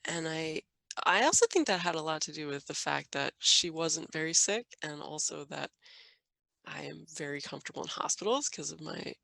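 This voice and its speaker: A woman's voice: sits low, lively intonation, moderate pace, gravelly, bright, forceful tone, no room sound. A woman telling her own story on a podcast, casual and chatty with lots of fillers. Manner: chatty, frequent fillers and laughter. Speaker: podcast guest, mother.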